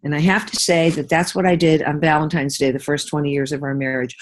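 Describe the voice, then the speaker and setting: A woman's voice: deep voice, level tone, fast, hardly any pauses. Older woman telling heartfelt stories. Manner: warm storyteller acting out quoted voices. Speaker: guest. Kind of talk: interview conversation.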